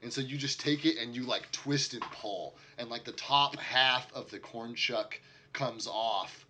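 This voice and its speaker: A man running a tabletop game as game master. His voice is bright and clear, and he sits at an ordinary middle pitch. He narrates in a relaxed, chatty way. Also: unhurried. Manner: relaxed and chatty, describing scenes and voicing side figures.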